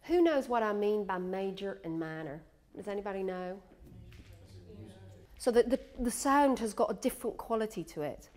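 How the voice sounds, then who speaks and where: Coach leading a workshop. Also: female voice, medium pitch, animated, normal speed, a little mellow. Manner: chatty, self-deprecating, demonstrates sounds. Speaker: accent coach. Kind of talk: workshop teaching.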